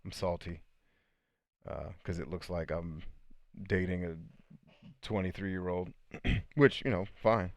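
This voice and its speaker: A man's voice: sits low, steady tone, slow pace, pauses often, a little mellow, no room sound. A man in his thirties hosting a casual live stream, telling stories and reading viewer comments aloud. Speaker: host.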